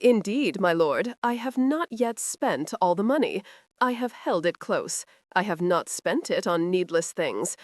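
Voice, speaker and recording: A woman's voice: lowish voice, sing-song, unhurried, a little mellow, no room sound, clean studio sound. A woman voicing a cowardly, fawning knight who keeps making excuses. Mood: evasive. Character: evasive cowardly middle-aged male steward knight.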